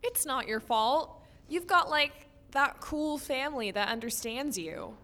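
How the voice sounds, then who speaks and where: A dramatic, death-obsessed teenage girl, played by a woman in an audio drama. She sighs and broods, her voice high and bright, swooping widely. She speaks slowly and moodily. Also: full character voice. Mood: gloomy. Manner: sighing, moody, breathless when excited.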